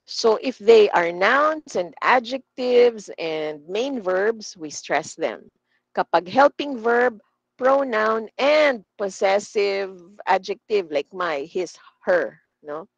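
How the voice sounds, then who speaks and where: A woman trainer with a Filipino accent, teaching an online class, mixing English and Tagalog and slowly demonstrating word stress. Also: mid-range voice, expressive, creaky, no room sound. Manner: switches between English and Tagalog. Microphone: video call. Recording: dull, dry video-call audio.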